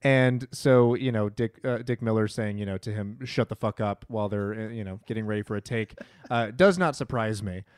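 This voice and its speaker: A man's voice: on the low side, a little fast, few pauses, clean tone, dry recording, clean studio sound. A man co-hosting a movie podcast, hedging his points with many fillers. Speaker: podcast co-host. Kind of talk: casual movie discussion.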